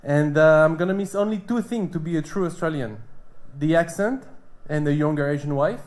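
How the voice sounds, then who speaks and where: A man's voice: a little high, fairly quick, a little mellow, a little hiss or hum. French man doing stand-up. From France. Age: 30s. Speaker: stand-up comedian. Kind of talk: stand-up comedy set. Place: comedy club stage.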